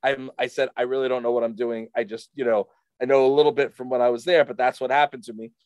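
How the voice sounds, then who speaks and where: A man casually telling a rambling, animated story full of fillers to a friend. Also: mid-range voice, fast, clear, resonant tone, dry recording. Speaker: storyteller in a chat.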